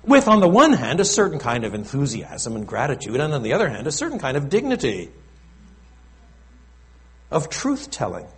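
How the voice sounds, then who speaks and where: Animated male preacher, lively pitch. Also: moderate pace, long pauses. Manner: animated, conversational preaching with asides to the congregation. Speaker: pastor. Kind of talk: sermon.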